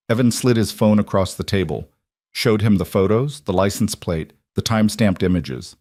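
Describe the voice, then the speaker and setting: A man narrating a scripted drama story in a measured, terse way, recorded close on a studio mic. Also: on the low side, a little mellow, dry recording.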